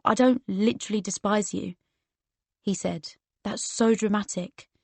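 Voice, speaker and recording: A man's voice: high-pitched, measured pace, vocal fry, no room sound, exaggerated voice. A woman voicing a blunt, teasing teenage boy with a posh, sardonic edge. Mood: dry.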